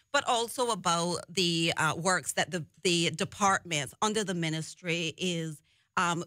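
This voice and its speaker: A woman official speaks formally on talk radio, measured and with a few ums. Her voice is bright and sits dry and close. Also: on the low side, no room sound. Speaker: government chief officer, guest.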